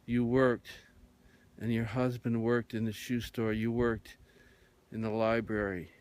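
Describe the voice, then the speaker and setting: A man playing a gentle angel visitor. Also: medium pitch, flat delivery, measured pace, close to an everyday voice. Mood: coaxing.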